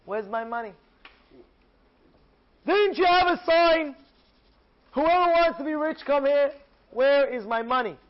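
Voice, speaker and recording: A man's voice: very high voice, expressive, unhurried, long pauses, voice pushed up. A man voicing a young male student who angrily demands the money he was promised, in a muffled recording. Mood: indignant. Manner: indignant, insistent.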